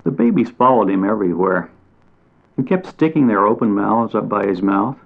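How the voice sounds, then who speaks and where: A man reading a children's storybook aloud in a gentle, unhurried way, lingering on descriptive phrases. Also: on the low side, lively intonation, gravelly. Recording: tinny phone-like audio.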